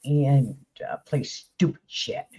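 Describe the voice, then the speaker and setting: A livestream co-host in a casual panel chat, speaking hesitantly with pauses and fillers. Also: mid-range voice, animated, crowd noise.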